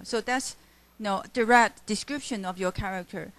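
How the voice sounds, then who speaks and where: A female literature teacher, giving a classroom lecture in a halting style full of fillers and self-corrections. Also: mid-range voice, fairly bright tone. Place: university classroom.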